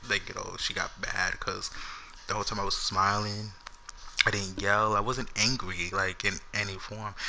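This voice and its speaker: A man's voice: fairly low pitch, bright, forceful tone, slight background noise, low-quality recording. A young man and YouTuber telling an unscripted story to his viewers in a loose, slangy, rambling way. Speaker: gaming YouTuber.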